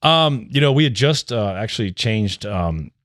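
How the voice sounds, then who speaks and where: Brewery co-founder man, low voice, loose storyteller full of fillers and restarts. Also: lively intonation, normal speed, fairly bright tone, no room sound, studio quality. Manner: rambling, filler-heavy, restarts a lot. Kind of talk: casual podcast storytelling.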